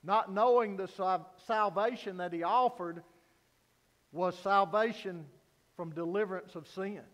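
High-voiced slow preaching man. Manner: earnest preaching, rising to loud emphasis then dropping low. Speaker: pastor. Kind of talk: sermon. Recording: long hall reverb.

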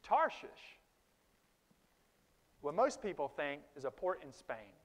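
A man preaching a sermon in a conversational, animated way, with sudden loud emphases and quiet asides to the congregation. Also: on the high side, takes it slowly. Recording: long reverb of a large hall.

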